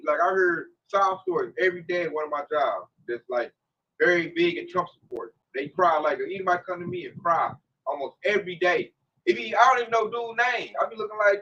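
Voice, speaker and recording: A man leading a casual religious discussion, talking in a slangy, emphatic, animated way. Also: high-pitched, a little fast, breathy edge, far from the mic, highs cut off.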